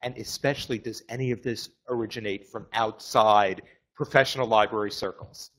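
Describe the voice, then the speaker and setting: A man's voice: on the low side, steady tone, normal speed, rough recording. A man attending a panel event, speaking eagerly in casual remarks.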